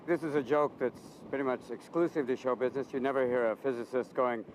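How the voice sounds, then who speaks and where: A man comedian telling a long joke in a rapid, animated way, voicing the characters. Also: medium pitch, slight background noise, poor audio.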